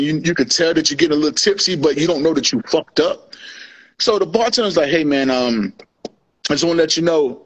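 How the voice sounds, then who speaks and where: Male podcast co-host, higher-pitched, animated slangy storyteller, cusses freely. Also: rough recording. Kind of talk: casual storytelling chat.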